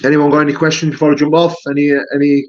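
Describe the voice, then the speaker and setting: Chatting casually on his live stream, a fighter answers viewer comments in a matey way, peppering his talk with "mate" and "you know." His voice is on the high side and level, and he races along, captured in a muffled recording.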